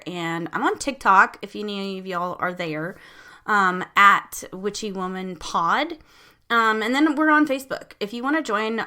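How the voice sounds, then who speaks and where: A woman's voice: medium pitch, bright, forceful tone. A woman hosting a podcast in a casual, chatty way, with lots of ums. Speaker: podcast host. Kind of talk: casual interview chat.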